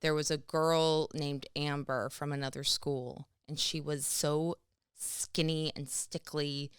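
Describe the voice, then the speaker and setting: A woman co-hosting a casual comedy podcast, telling stories in a chatty way and laughing often. Her voice sits low and sounds smooth and clear. The recording is dry and close. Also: slow pace, no echo. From United States. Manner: lively, chatty storyteller. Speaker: podcast co-host.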